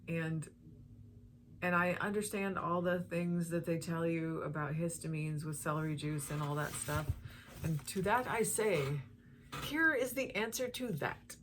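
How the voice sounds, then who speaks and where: Woman with a deep low voice, heartfelt personal vlog, talks slow and sincere. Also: fairly even intonation, background noise. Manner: earnest, heartfelt, drawn-out phrasing. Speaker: health vlogger.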